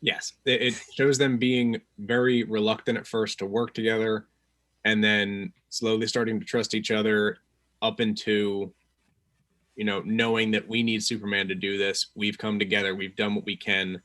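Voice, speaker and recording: A man's voice: on the low side, little pitch movement, moderate pace, fairly bright tone. A man co-hosting a casual movie podcast, earnestly explaining points and raising new topics. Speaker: podcast co-host. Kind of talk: casual movie review chat.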